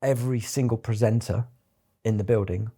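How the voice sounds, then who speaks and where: A man's voice: on the low side, fairly even intonation, normal speed, warm tone, slightly rough. A middle-aged man, a company founder, telling anecdotes in an interview with a chatty storytelling manner. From England. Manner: chatty anecdotal storyteller, acts out quoted voices.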